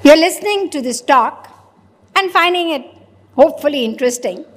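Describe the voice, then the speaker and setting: High-voiced woman giving a spiritual discourse. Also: animated, normal speed. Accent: Indian English. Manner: questioning, acts out dialogues with listeners. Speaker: spiritual teacher. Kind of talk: religious discourse. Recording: long hall reverb.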